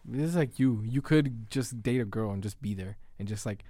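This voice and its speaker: A man's voice: fairly low pitch, normal speed, mellow, dry recording, studio quality. A man co-hosting a podcast in casual chat, earnest and rambling with lots of fillers. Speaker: podcast co-host.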